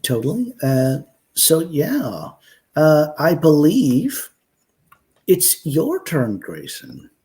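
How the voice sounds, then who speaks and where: A man leading an improvised collaborative story, talking slowly and hesitantly with many fillers. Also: on the high side, huge pitch swings, a little mellow.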